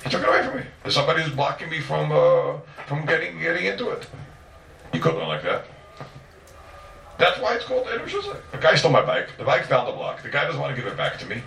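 A man teaches a Talmud class at a quick clip, pressing his points again and again and firing off rhetorical questions. His pitch swings widely as he talks. He is heard from a distance in an echoey room. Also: animated, gravelly, a bit bright, slight background noise. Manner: repeats and restates points emphatically; asks rhetorical questions and answers them.

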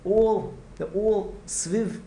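Warm in tone yet gravelly and rapid, the rabbi's high-sitting voice carries a heartfelt Torah class. He's earnest, repeats himself, restarts phrases, and mixes in Hebrew and Yiddish, recorded in an echoey room with faint ambience and a little hiss or hum.

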